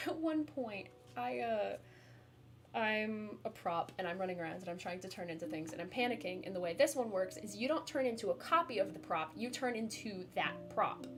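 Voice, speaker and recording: Chatty woman streamer telling a story. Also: medium pitch. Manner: chatty, animated, laughs often, many fillers. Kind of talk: casual storytelling to a live chat.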